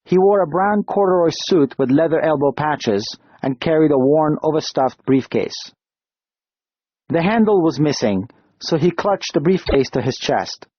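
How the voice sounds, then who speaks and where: A man reading an audiobook in a calm, measured narration. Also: on the high side, slightly rough, no room sound. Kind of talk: scripted narration. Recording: dull, dry lo-fi studio read.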